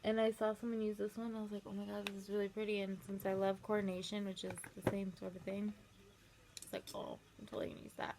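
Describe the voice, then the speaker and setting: A woman's voice: medium pitch, little pitch movement, noisy background. A young woman vlogger chatting casually and rambling through a story while doing her makeup. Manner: rambling, filler-heavy, quick asides.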